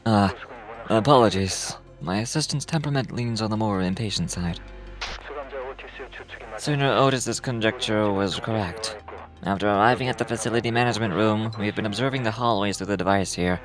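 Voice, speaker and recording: An actor playing a composed, formal male researcher who explains things in a measured, polite way. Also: fairly low pitch, music in the background, lightly acted.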